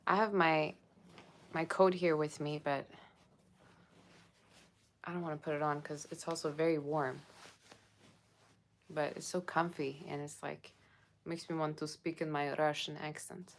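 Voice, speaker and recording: A woman with a low voice runs a casual tarot reading for her viewers. She talks in a chatty way and checks in with them often. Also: a little hiss or hum. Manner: chatty, addresses viewers with frequent "okay?". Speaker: tarot reader.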